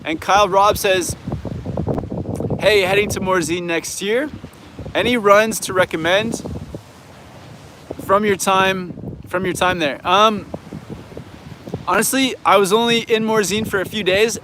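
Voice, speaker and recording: A man's voice: sits high, unhurried, pauses often, noisy background. A man with a Canadian accent hosting a live viewer Q&A, talking in an easygoing, frank way and thinking aloud. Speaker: snowboard coach and channel host.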